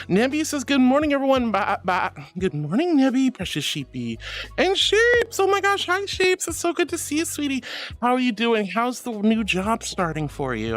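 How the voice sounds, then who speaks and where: A young woman streaming casually, reading chat aloud and calling viewers sweetie and darling, with frequent giggles in her talk. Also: medium pitch.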